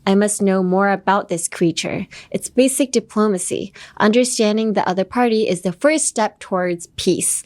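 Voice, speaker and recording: Animated and a little slow, her medium-pitched voice carries vocal fry. She's a playful English teacher on a podcast who teases, laughs a lot, and slips into Japanese asides alongside English.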